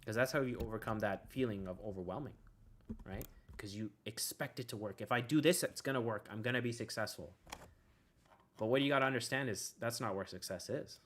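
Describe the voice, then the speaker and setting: A man's voice: on the low side, fairly quick, fairly bright tone, slight background noise. A man giving a casual motivational talk as a self-help video host, rambling and checking in with "right?" after nearly every point, with a laid-back manner and now and then a "bro" or a curse. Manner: rambling, keeps asking "right?".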